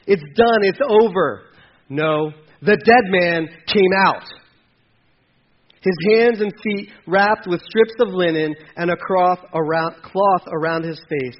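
A man's voice: sits high, slow pace, highs cut off. A man preaching a sermon with passion, acting out the voices from the scripture story. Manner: impassioned, acts out voices from the scripture. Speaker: pastor.

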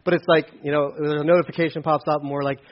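A man preaching a casual sermon as pastor, conversational with self-deprecating asides and lively storytelling. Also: on the high side, fast talker, dull audio. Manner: conversational, self-deprecating asides, animated when telling stories.

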